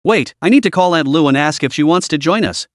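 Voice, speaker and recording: A man voicing a proud, excitable middle-aged mother in a story read. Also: fairly high pitch, a little fast, dry recording, studio quality, lightly acted. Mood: fond. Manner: warm, flustered, proud.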